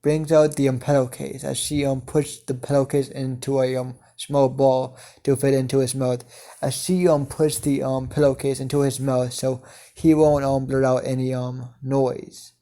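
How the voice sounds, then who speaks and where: Brief: man telling a story off the cuff, mellow gravelly voice, halting delivery. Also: medium pitch, level tone. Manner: halting, many fillers and restarts, chained "as she" clauses. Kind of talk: improvised fan-fiction narration.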